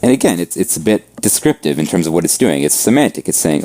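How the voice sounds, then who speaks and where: A man with a low, mellow voice walks through a coding lesson in an easygoing, explanatory way. He keeps checking in with listeners as he goes. The recording is dry and close, with no room sound. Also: quick pace, hardly any pauses, no room sound. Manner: relaxed, explanatory, frequent "right?" check-ins. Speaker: coding instructor. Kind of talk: screen-share coding lesson.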